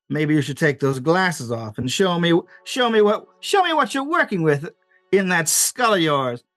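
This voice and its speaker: A man's voice: a little high, very animated, slow, a bit bright, dry recording, full character voice. A man voicing a fussy, blustery old one-eyed tavern bookkeeper in a tabletop game.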